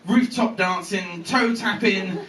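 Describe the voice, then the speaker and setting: A young English man doing a live stand-up set, telling an animated, sweary story. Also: high voice, takes it slowly. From England. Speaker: stand-up comedian. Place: comedy venue with live audience. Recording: echoey bootleg audio from a distance.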